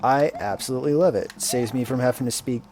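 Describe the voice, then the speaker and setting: A man streaming a game and chatting casually, telling stories in a rambling, unhurried way. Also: mid-range voice, darkish tone. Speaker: streamer and English teacher. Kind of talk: casual chat while playing a game. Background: faint video game music.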